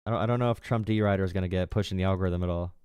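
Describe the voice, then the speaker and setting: A man's voice: sits low, fairly even intonation, rapid-fire, a little mellow, clear, resonant tone, no echo, studio quality. Sarcastic young male livestream host. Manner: sarcastic, mocking, laughs often. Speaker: political streamer and call-in show host. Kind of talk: casual livestream commentary.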